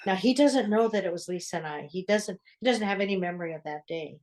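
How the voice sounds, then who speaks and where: An older woman with a fairly low voice speaks with earnest conviction and lingers in reflective pauses. She is a religious sister telling her story to an interviewer. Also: darkish tone. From United States.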